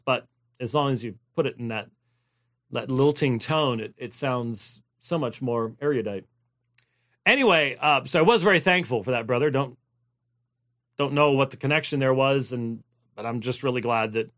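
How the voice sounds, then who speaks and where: Here a pastor speaks at a normal pace in a mid-range, somewhat bright voice, explaining a Bible passage as a sermon. He is forceful and digressive, often restarting, leaning on fillers and repeating key phrases.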